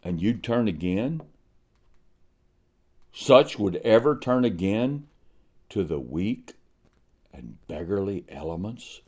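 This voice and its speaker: Male preacher, fiery sermon, slow deliberate delivery, very lively pitch, fond of repeated refrains. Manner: dramatic swings from hushed to ringing emphasis; rhetorical questions and repeated refrains.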